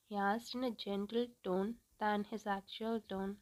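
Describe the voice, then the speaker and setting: A woman's voice: medium pitch, fairly even intonation, a little slow, darkish tone, low-quality recording. Woman reading a fan story aloud. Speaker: fan fiction reader.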